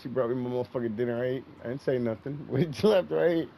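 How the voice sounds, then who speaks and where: A middle-aged gaming streamer rambles through a long, profane story while playing, often repeating himself. His medium-pitched voice is fast, creaky and dark in tone. The low-quality recording carries a little hiss or hum.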